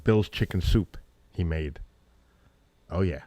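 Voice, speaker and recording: A middle-aged man hosting a live stream, chatting casually and rambling between searches and loud exclamations. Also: deep voice, takes it slowly, dry recording. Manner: rambling, talks to chat and family, breaks into loud exclamations.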